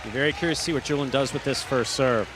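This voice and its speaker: A man's voice: mid-range voice, quick pace, a crowd in the background, background noise. A man giving live sports color commentary, analyzing and speculating on the players' choices.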